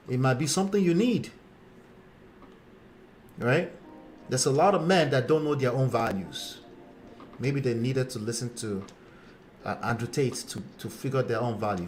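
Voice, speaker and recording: A Nigerian-accented man hosts a casual live stream as a relationship coach, talking bluntly and straight to the viewers. His voice sits at an ordinary middle pitch, with a faint hiss of noise underneath. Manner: blunt, conversational, calls out viewers and 'gentlemen' directly.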